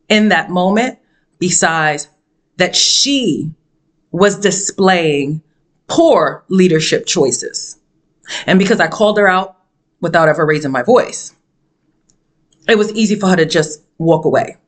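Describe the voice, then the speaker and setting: Woman doing a motivational storytime, big dramatic pitch jumps, kinda preachy and emphatic. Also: expressive, a little slow, pauses often. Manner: emphatic, preachy delivery with repetition. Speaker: motivational speaker. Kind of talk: storytelling monologue.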